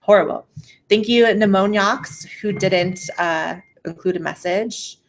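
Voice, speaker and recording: A woman's voice: mid-range voice, unhurried, a little hiss or hum. A woman hosting a casual livestream and reading super chats aloud, blunt and profane, on a faulty mic that keeps cutting out. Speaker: livestream host.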